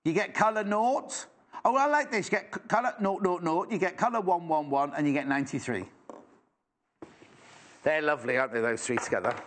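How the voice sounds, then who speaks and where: A man's voice: on the high side, a little fast, a bit bright. A man from England presenting a live sewing shopping show, chatty and enthusiastic with self-mocking asides. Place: TV studio.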